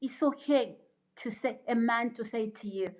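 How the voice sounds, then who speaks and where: A woman's voice: on the high side, moderate pace, a little mellow, poor audio. A woman hosting a casual livestream, reading viewer comments aloud and lecturing in an indignant, preachy way. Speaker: livestream host.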